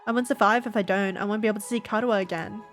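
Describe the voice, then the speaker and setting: A woman's voice: mid-range voice, fairly even intonation, rapid-fire, faint music behind. A slightly sick woman streamer reading game dialogue aloud dramatically, with casual asides. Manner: reads lines dramatically, breaks off into casual asides with laughs. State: a little sick, stuffy. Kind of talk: game playthrough with voiced reading.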